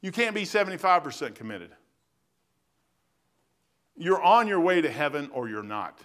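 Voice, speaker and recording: Man, pastor, sermon in church, higher voice, folksy storytelling, lively swings in pitch and loudness. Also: normal speed. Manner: animated, folksy storytelling with bursts of emphasis; casual, plain-spoken preaching. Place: church sanctuary.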